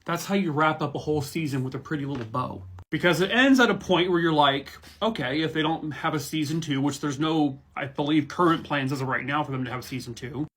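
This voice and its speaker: Excitable, foul-mouthed man reviewing shows. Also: on the high side, fast talker, hardly any pauses, husky. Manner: enthusiastic, profane and rambling. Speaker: online reviewer. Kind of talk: casual review chat.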